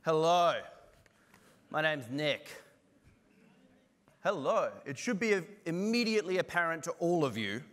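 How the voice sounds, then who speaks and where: A man with an Australian accent giving a conference keynote, brisk and self-deprecating with jokes. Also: fairly high pitch, expressive, fairly bright tone. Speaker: keynote speaker.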